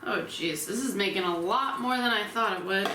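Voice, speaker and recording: A woman's voice: medium pitch, brisk, echoey room, recorded from a distance, background noise. A woman hosting her own cooking vlog, chatting casually and unsure of herself as she cooks in a home kitchen. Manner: chatty, unsure, self-deprecating while working. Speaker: cooking vlogger.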